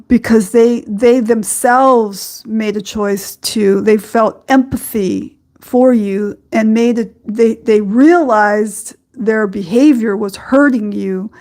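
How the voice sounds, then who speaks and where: A woman hosting a podcast, talking slowly about spiritual matters, halting often with ums and you-knows. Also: a little high, darkish tone. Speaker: podcast host. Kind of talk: reflective spiritual talk.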